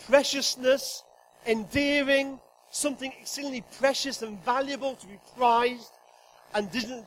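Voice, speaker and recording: Preaching to a congregation in a church hall, a middle-aged man with an unusually high voice for a man mixes humor with emphasis, acting out God's voice. He swings between loud, emphatic declarations and soft whispers. Faint room hum sits in the background.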